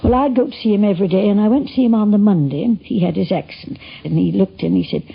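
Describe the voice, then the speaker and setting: A woman's voice: medium pitch, quick pace. An older woman reminiscing in casual recollection, with asides to the listener, on a lo-fi 1950s radio recording. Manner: gravelly, husky, chatty with asides. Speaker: interviewee reminiscing. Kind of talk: spoken recollection.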